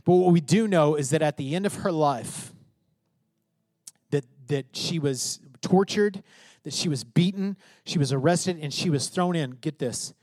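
A pastor preaching a sermon, emphatic, swinging from loud declarations to hushed asides. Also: male voice, a little high, unhurried, no echo.

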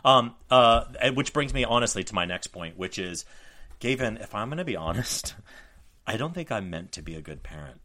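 A man in his forties co-hosting a podcast, telling stories in an animated, profane, self-mocking way. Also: fairly low pitch, normal speed. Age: 40s. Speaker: podcast co-host. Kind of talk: casual chat.

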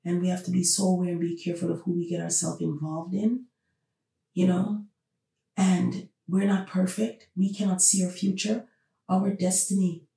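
A woman's voice: fairly low pitch, level tone, normal speed, vocal fry, mellow. A woman hosting a podcast, talking through her opinions with emphatic, repeated rhetorical questions. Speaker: podcast host. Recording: roomy, distant from the mic.

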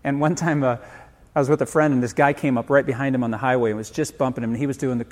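A man's voice: mid-range voice, steady tone, racing. A middle-aged male pastor preaching a sermon in a conversational way, asking the congregation questions and acting out family stories. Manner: conversational preaching, asks the room questions and acts out family quotes.

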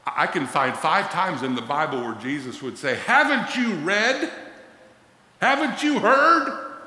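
Animated preaching man in an echoey hall. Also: mid-range voice. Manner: animated, dramatic scripture quoting. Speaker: pastor. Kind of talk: sermon.

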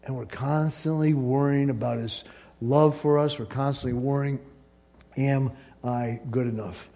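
A man preaching a sermon as pastor, animated, acting out the voices of doubting listeners. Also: mid-range voice, unhurried, gravelly.

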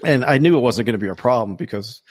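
Male podcast host, mid-range voice, animated casual storyteller who swears, dry close sound. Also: medium pitch, fast, husky, no echo. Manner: animated, swears freely, acts out quoted voices.

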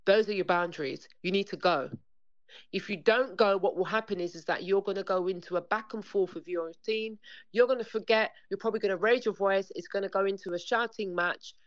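A woman's voice: mid-range voice, a little fast. Earnest woman, lo-fi sound. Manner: earnest, repetitive, acts out dialogue. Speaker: parenting coach guest. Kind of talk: conversational interview. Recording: dull lo-fi sound.

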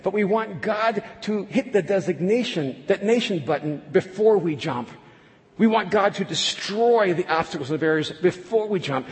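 A man preaching a sermon, telling a personal story in an animated way, often restarting his sentences. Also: sits high, moderate pace. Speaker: pastor. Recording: long hall reverb.

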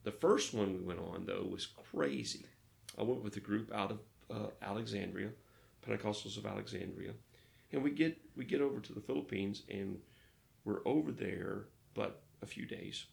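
A man from Arkansas, a pastor, telling lively stories in a casual interview and acting out the dialogue. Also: on the low side, normal speed, vocal fry. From Arkansas, United States. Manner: lively storyteller who acts out dialogue.

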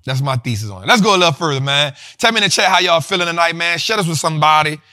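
Animated, bright-voiced slangy man. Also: on the high side, racing. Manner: slangy, animated, repeats himself. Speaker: host. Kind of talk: livestream finance talk.

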